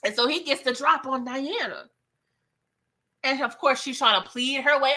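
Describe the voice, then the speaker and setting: A high-pitched woman recaps a TV drama episode in loose, slangy chat, laughing often and throwing in sassy asides. Her voice is bright and sharp, with a teasing, playful bite. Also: moderate pace, long pauses. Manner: slangy, laughs often, playful sass, acts out quoted dialogue. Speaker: TV recap host.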